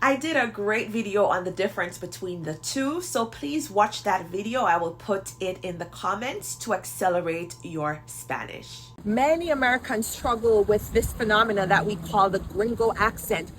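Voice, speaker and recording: A woman with a Jamaican accent hosting a language lesson, explaining clearly and slowing down to model example phrases. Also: mid-range voice, animated, fairly bright tone, a little hiss or hum. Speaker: Spanish teacher and video host. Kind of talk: instructional video talk.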